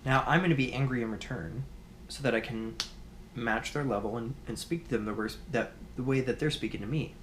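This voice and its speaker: A man teaching a course in a conversational video lecture, often restarting sentences and pausing with fillers. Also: medium pitch, noisy background. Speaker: course instructor.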